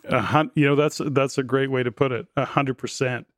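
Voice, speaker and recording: A man in his sixties hosts a podcast conversation. He rambles warmly through stories, leaning on "you know" and "like", with an ordinary mid-range pitch. The sound is dry and close. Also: a little fast, dry recording. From Canada. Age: 60s. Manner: animated storyteller, many fillers like "you know". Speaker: podcast host. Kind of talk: casual interview chat.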